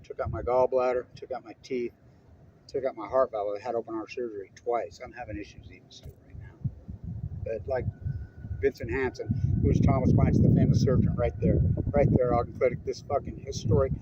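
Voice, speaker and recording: A man's voice: mid-range voice, fairly even intonation, fairly quick, dull audio, very noisy. A middle-aged man from Utah in a heated, profane, rambling political rant. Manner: profane, rambling, heated and jumping between topics. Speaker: political ranter. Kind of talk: unscripted angry monologue.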